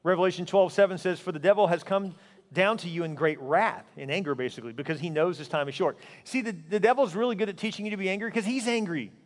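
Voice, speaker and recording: A man preaching as a pastor, earnest and emphatic, often sinking to a quiet, intense tone. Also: sits high, quick pace, in a large hall. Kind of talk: sermon.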